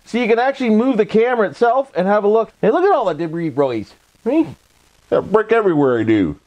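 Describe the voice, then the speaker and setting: A man's voice: high voice, very animated, fast, a little mellow, lo-fi sound. A Canadian man with a Canadian accent doing a casual voice-over for his vlog, folksy and rambling, full of catchphrases and tag questions. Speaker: vlogger. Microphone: microphone put on for voice-over.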